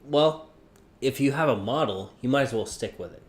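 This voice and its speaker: A man as a guest on a casual interview show, laid-back and quick with jokes. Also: medium pitch, expressive.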